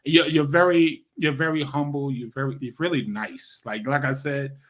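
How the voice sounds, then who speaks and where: A man's voice: medium pitch, fairly even intonation, moderate pace. A man hosting a radio interview show, chatting casually with plenty of supportive affirmations. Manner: warm, supportive, frequent affirmations.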